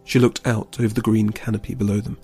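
A man reading a story aloud in a calm, steady storybook narration. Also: fairly low pitch, fast, creaky, breathy edge, faint music behind.

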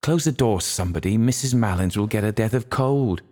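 A brisk, fussy elderly aunt in a storybook, played by a male reader. She chides and fusses in a voice pitched a little above his own low register, only lightly changed from his own. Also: mellow, natural voice.

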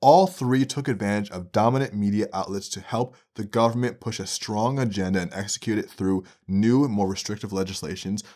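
A young man hosting a podcast, delivering an essay-style commentary in an animated, profane way that swings from low mutters to loud outbursts. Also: fairly quick, few pauses. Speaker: podcast host.

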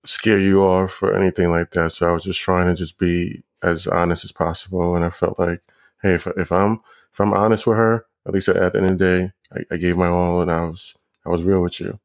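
A young man as a podcast guest in a casual chat, laid-back and halting, often repeating words. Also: deep voice, flat delivery, dry recording, clean studio sound. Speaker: guest, partner of the host.

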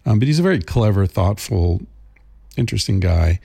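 A man's voice: lowish voice, animated, normal speed, vocal fry, warm tone, husky, no echo. A middle-aged man hosting a podcast, talking casually in a thoughtful, rambling way with many fillers and restarts. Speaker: podcast host. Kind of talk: casual monologue.

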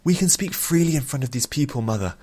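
A man's voice: mid-range voice, lively intonation, quick pace, warm tone, breathy edge, voice pushed up. Earnest young princess, as a man puts her on. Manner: pleading, apologetic, urgent. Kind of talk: audiobook character voice.

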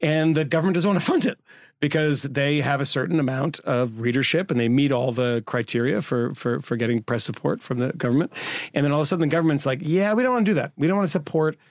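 A man's voice: mid-range voice, quick pace, no room sound, studio quality. A man co-hosting a political podcast, explaining carefully in a casual way, with some stammered restarts. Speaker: podcast co-host.

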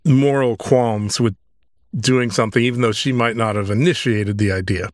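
A man's voice: medium pitch, steady tone, normal speed, no room sound, studio quality. A chatty man sharing his opinions. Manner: chatty, thinking aloud, chuckling asides. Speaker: podcast co-host. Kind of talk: casual conversation.

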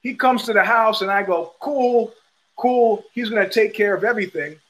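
High-voiced man telling a wild story. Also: fast talker, rough recording. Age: middle-aged. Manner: profane, animated storyteller acting out quotes. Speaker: host. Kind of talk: storytelling monologue.

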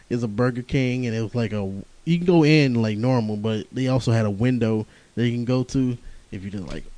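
In a casual, rambling monologue, a young podcast host talks alone, weary and profane, laughing through his tales. The audio is poor, though his mid-range voice has a warm tone.

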